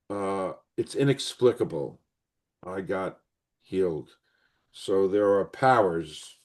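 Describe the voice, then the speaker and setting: An older man hosts a conversation and slips into a long, earnest personal story, circling back and repeating himself as he goes. His voice sits a little low. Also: a little mellow. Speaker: podcast host.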